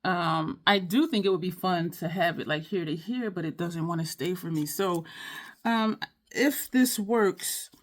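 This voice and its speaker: Speaking on the low side and a little slowly, this woman rambles through a casual makeup tutorial. She's frustrated and keeps apologizing, sighing, repeating herself and starting over as the beauty vlogger.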